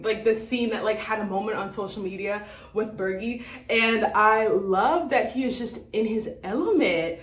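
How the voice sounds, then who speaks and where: A young woman chatting casually as a vlogger, full of fillers and quick laughs. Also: mid-range voice. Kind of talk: casual chat about a reality show. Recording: echoey room.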